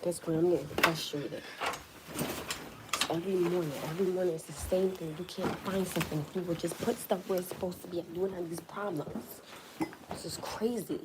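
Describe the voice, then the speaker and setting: A woman's voice: on the low side, distant mic. A young woman live-streaming as she firmly scolds her son while getting him ready, repeating her commands. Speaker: livestreaming parent. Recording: echoey room with loud noise.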